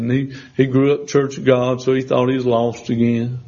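A man's voice: medium pitch, steady tone, fairly quick, hardly any pauses, mellow. A man preaching a sermon, telling a personal testimony in a folksy way, with restarts and acted-out quoted voices. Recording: dull lo-fi sound.

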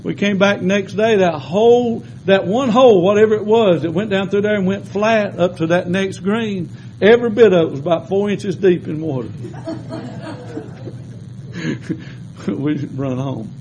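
A man preaching a sermon in a folksy storytelling way, shifting between loud exhortation and quiet asides. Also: high voice, unhurried, muffled recording, a little hiss or hum.

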